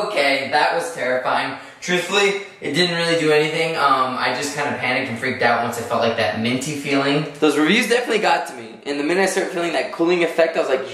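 Casting note: young man, slightly high voice, rambling self-conscious vlogger, echoey bathroom with faint hiss. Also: lively intonation, fairly quick, few pauses, a bit bright. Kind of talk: casual vlog chat.

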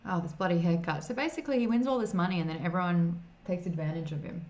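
A woman with a fairly low, slightly mellow voice talks fast while streaming an old computer game and reading chat. It's casual gameplay commentary, captured on slightly dull streaming mic audio with faint noise.

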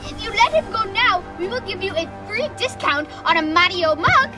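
Give me a squeaky, bossy plumber brother, voiced by a woman. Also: lively intonation, moderate pace, over loud music. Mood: indignant. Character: bossy, hungry little brother plumber, male.

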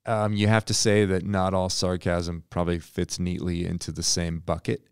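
A man's voice: deep voice, flat delivery, normal speed, clear, resonant tone, dry recording, studio quality. A man co-hosting a church podcast in a casual, thoughtful way, with fillers and self-deprecating humor. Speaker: pastor and podcast co-host.

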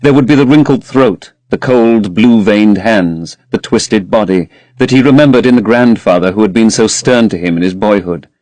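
Low-voiced man reading an audiobook. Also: moderate pace, hardly any pauses, a little mellow, no room sound. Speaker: audiobook narrator. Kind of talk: audiobook reading of a classic novel.

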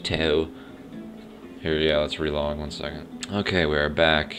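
A man's voice: very deep voice, level tone, a little slow, fairly bright tone. A man giving casual gameplay commentary, rambling and unsure of himself as he thinks aloud. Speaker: let's play host. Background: faint game music.

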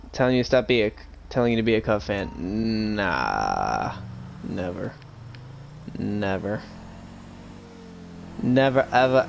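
A man's voice: fairly low pitch, a little hiss or hum. A young man chatting casually and rambling while streaming a police role-play game, swearing freely and slipping into officer radio talk.

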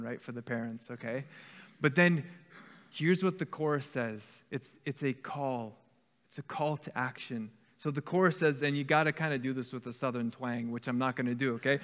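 A man's voice: medium pitch, normal speed, a bit bright. Man in his forties preaching in a reverberant church. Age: 40s. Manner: conversational, often adds "okay?". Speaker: pastor. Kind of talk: sermon. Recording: church hall with long reverb.

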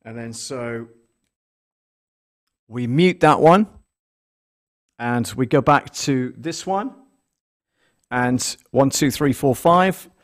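A man hosting a casual live stream speaks slowly in a mid-range voice, leaving long pauses. He rambles and thinks aloud while setting up gear, counting numbers into a close desktop condenser mic. He's working in a small studio that has a mixing desk.

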